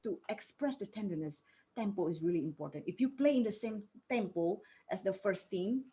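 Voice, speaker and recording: A woman's voice: medium pitch, normal speed, dark tone. A woman giving a piano lecture, explaining points and putting questions to her students. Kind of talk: music lecture. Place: music studio.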